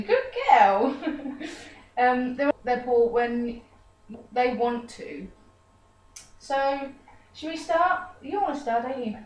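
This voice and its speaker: High-voiced woman coaching her dog. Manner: chatty, breaks off to coo praise at her dog. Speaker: dog trainer. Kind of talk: casual how-to tutorial. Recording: echoey room, voice far from the mic.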